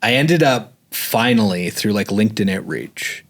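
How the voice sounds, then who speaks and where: A man with a fairly low voice tells his story in a loose, conversational interview. He rambles and leans on "like" as a filler. He grows animated when he acts out what people said. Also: normal speed. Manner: rambling, filler-heavy, says "like" often; animated when retelling dialogue. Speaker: guest.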